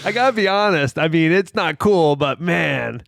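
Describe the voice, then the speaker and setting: A man co-hosting a casual history podcast who talks in an excitable, slangy way and laughs a lot. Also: fairly high pitch, moderate pace, gravelly, no echo, clean studio sound. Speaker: podcast co-host.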